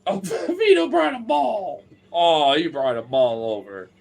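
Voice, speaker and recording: A man's voice: sing-song, a little slow, gravelly, a little hiss or hum. Man chattering playfully at his dogs. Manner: playful, teasing, swears casually, jumps into high baby-talk pitch with the dogs. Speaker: vlogger talking to his dogs. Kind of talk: casual vlog, talking to pets.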